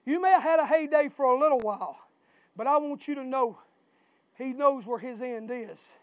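High-voiced shouting preacher. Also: male voice, moderate pace, no echo. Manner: southern-style preaching, swells into shouting. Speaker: pastor. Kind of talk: sermon.

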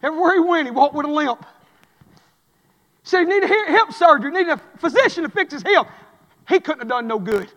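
Man, pastor preaching, very high voice, quiet then shouting, long church echo. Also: animated, a little fast, pauses often. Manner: swings from low murmur to shouting fervor. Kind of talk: sermon. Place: church sanctuary.

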